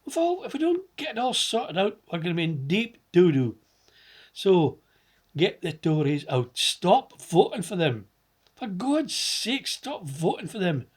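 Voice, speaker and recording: A man's voice: high voice, very animated, measured pace, breathy edge. A middle-aged man with a Scottish accent giving an impassioned political monologue, ranting and repeating words for emphasis. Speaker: political commentator.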